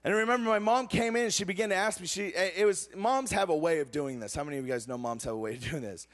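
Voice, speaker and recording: A young adult man preaching a sermon, telling a personal story with emotional swings from excited to hushed. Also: high-pitched, quick pace.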